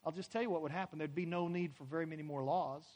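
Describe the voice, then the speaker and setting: A man preaching a sermon as a pastor, building emphatically to loud climaxes and having the congregation repeat phrases. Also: on the high side, fairly even intonation, fast talker. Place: church sanctuary.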